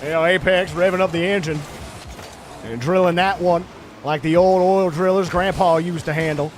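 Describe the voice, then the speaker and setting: A man's voice: sits high, steady tone, normal speed, a little hiss or hum, close to an everyday voice. A man voicing a folksy country sports announcer with a drawling, farm-talk manner. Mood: folksy hype.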